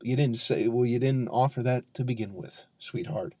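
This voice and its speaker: A man, a comedian hosting his own podcast, ranting heatedly and sarcastically with lots of profanity and drawn-out emphasis. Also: medium pitch, darkish tone, no echo. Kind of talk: ranting solo podcast monologue.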